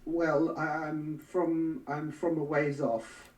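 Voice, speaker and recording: A man's voice: a little high, level tone, very slow, a little mellow, reverberant, distant mic, low-quality recording. A man playing a nervous young warlock in a tabletop role-play, stammering and hesitant. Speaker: player.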